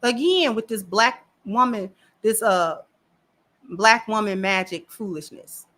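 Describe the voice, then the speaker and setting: Bright-voiced sassy woman commentator. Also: medium pitch, takes it slowly. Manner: sassy, emphatic, acts out quotes. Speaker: political commentator. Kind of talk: casual commentary vlog.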